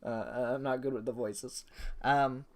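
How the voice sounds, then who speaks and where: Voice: mid-range voice, fairly even intonation, a little slow, darkish tone. A wrestling reviewer talking in a casual spoken review, gushing and rambling with many fillers and restarts, and swearing casually.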